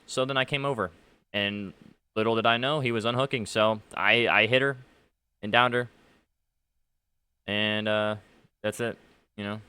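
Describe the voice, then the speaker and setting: A man's voice: on the low side, steady tone, a little slow, long pauses, pushed and bright, slight background noise. A man talking to his viewers about an argument, aggrieved and ranting, with lots of fillers. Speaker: gaming YouTuber. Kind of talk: commentary to camera. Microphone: face cam setup.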